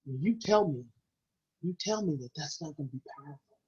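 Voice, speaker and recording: A man's voice: fairly high pitch, expressive, fairly quick, mellow, breathy edge, lo-fi sound. A man presenting a parenting webinar, urging parents on in an emphatic, repetitive, preacher-like way. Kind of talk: impassioned webinar teaching.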